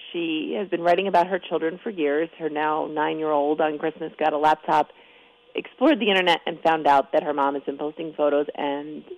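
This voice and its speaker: A newspaper columnist guesting on a radio talk show explains things chattily in long run-on stretches, her low, darkish voice going hoarse and a little crackly. The recording is dry.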